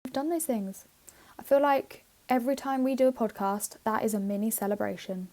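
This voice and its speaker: A playful woman co-hosting a chatty podcast, her voice sitting a little high. She giggles easily and swears freely, slipping between reading a list aloud and joking with her friend. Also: steady tone, fairly quick, mellow. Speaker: podcast co-host. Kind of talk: casual chat, reading out a list.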